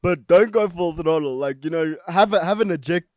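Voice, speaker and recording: Casting: male podcast co-host, teasing, laughs a lot, slightly high voice. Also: no room sound. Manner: laughs often, teasing, drawn-out joking bits. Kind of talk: casual chat.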